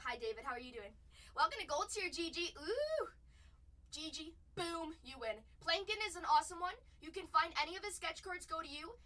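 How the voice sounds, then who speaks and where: A woman hosting a live-stream trading card break, chatting excitedly with viewers and reading their messages aloud. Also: high-pitched, far from the mic, rough recording.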